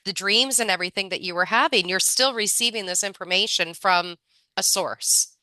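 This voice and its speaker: A woman's voice: mid-range voice, moderate pace, bright, forceful tone, dry recording, rough recording. A woman hosting an interview podcast, listening, affirming and reflecting on the guest's experiences. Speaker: podcast host. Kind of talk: casual interview conversation.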